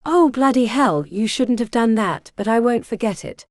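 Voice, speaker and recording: A woman's voice: a little high, animated, moderate pace, no room sound, studio quality, natural voice. A woman voicing a defiant young bog witch healer who talks bluntly with folksy turns of phrase.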